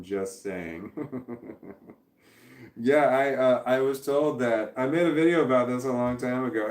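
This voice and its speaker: A man's voice: mid-range voice, a little mellow, echoey room. A man in his forties, hosting a casual livestream, rambling as he reads out viewer comments and chuckles along. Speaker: livestream host.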